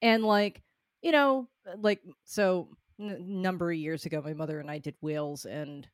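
A woman from New England talks in a relaxed, profane, wry way, poking fun at how people say things. Her voice sits a little low, and the sound is close and dry. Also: moderate pace, no echo. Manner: profane, wry, laughs at herself. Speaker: podcast co-host. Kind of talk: casual chat.

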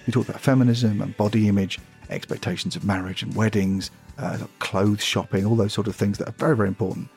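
A man's voice: lowish voice, fairly even intonation, fast talker, gravelly, a little mellow, faint music behind. A man hosting a podcast, chatting casually and reflectively. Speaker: podcast host. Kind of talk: casual chat.

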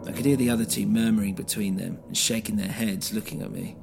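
A man narrating a story in the first person, measured and steady. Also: lowish voice, vocal fry. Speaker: narrator and podcast host. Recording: music bed underneath.

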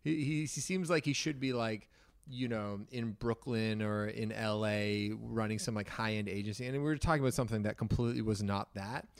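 A man speaking as a podcast guest, talking things through in a relaxed casual way. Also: fairly low pitch, a little fast, creaky, clear, resonant tone, no echo, clean studio sound. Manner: relaxed, thinks aloud. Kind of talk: casual chat.

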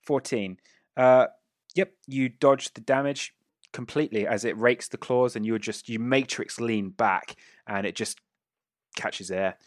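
A man narrating a tabletop game as game master, describing the action in a casual way with quick asides. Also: mid-range voice, no echo, clean studio sound.

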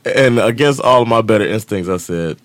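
Man, low voice, lively storytelling, acts out voices, dry close sound. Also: fairly quick, no echo. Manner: animated, acts out voices in the story, laughs often. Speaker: podcast co-host. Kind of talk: casual storytelling.

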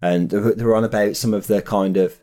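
A man's voice: fairly low pitch, fairly even intonation, fast, warm tone. A young man, podcast co-host, chatting casually and telling anecdotes in an easygoing way, laughing as he goes. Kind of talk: casual chat and storytelling.

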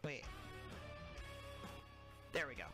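A woman co-hosting a casual podcast, crude and rambling, swearing freely as she talks. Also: takes it slowly. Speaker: co-host. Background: loud music.

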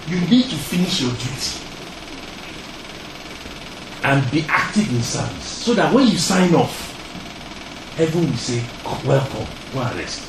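A man preaching a sermon to young people, acting out little dialogues and laughing now and then. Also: a little high. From Nigeria. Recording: echoey room, heard from a distance, noisy.

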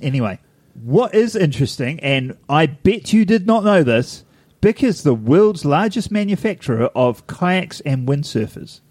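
A man's voice: fairly high pitch, big pitch swings, a little slow, darkish tone, dry recording. A man, co-hosting a podcast in casual chat, rambling and laughing at himself. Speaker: podcast co-host.

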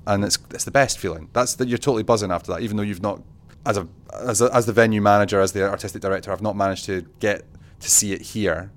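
A man's voice: fairly low pitch, fast talker, hardly any pauses. A man, a venue manager and artistic director, chatting in an interview and acting out his own reactions. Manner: animated, acts out quoted reactions, laughs often. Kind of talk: casual conversational interview.

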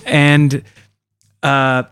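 A man's voice: medium pitch, flat delivery, very slow, fairly bright tone, clear, resonant tone. A young man hosting a casual comedy podcast, rambling loosely, swearing a lot and acting out voices. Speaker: podcast host.

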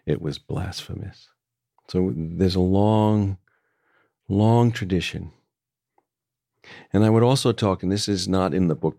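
A man being interviewed as an author, talking in a thoughtful, unhurried way and often restarting his sentences. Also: low-pitched, mellow, no room sound, clean studio sound. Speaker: author guest. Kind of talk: reflective interview conversation.

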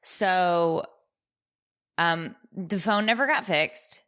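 A woman co-hosting a podcast, telling an exasperating story in a casual, profane, deadpan-sarcastic way. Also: on the low side, very slow. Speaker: podcast co-host.

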